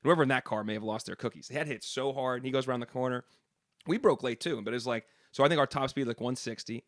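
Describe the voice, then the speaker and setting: A man co-hosting a podcast tells a story at a rapid clip, animated and loose, dropping slang as he goes. His voice is mid-pitched and sits close and dry, with no room sound behind it. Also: dry recording. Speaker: podcast co-host and sports reporter. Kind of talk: casual chat, storytelling.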